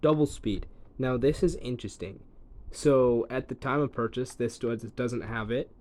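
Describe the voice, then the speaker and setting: A man's voice: mid-range voice, normal speed, darkish tone. A man casually demonstrating an old gadget, thinking aloud with ums and trailing asides, recorded on a phone. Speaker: tech reviewer demonstrating a device. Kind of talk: casual hands-on demo.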